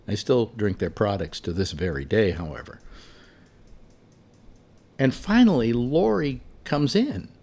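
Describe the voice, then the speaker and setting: A man telling a long personal anecdote in an animated, exasperated way, full of restarts. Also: medium pitch, unhurried, long pauses. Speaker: storyteller. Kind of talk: casual anecdote told aloud.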